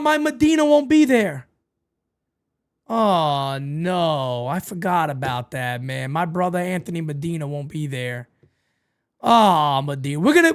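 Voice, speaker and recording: A man hosting a live fan watch party, calling the plays and chatting with viewers in a playfully melodramatic way that repeats phrases. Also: on the high side. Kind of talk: live fan play-by-play and chat.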